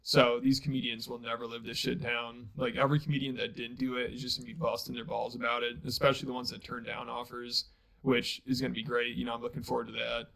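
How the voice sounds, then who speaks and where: Flat-toned blunt male commentary host. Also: mid-range voice, quick pace, creaky, low-quality recording. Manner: blunt, critical. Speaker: channel host. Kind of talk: opinion commentary.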